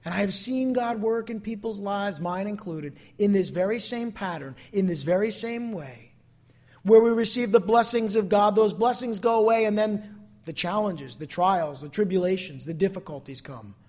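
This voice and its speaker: Male preacher, high register, questioning and dramatic sermon delivery. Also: moderate pace, darkish tone. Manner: rhetorical questions to the congregation, dramatic acted quotes.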